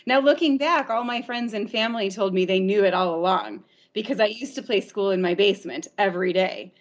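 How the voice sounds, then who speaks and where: A woman from Arizona, a teacher, telling stories in a podcast interview, lively and often laughing. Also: medium pitch, brisk, lo-fi sound. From Arizona, USA. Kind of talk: storytelling in an interview.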